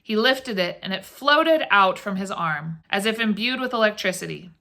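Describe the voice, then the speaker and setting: A woman reading a ghost story aloud for a library program in a measured, dramatic way. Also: mid-range voice, animated, creaky, sharp tone. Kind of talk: scripted narration.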